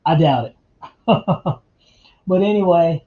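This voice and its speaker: A man's voice: on the high side, slow pace, echoey room, narrow, tinny audio. A man from North Carolina, hosting a casual live chat, laid-back and chatty and calling his viewers man and dude. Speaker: livestream host.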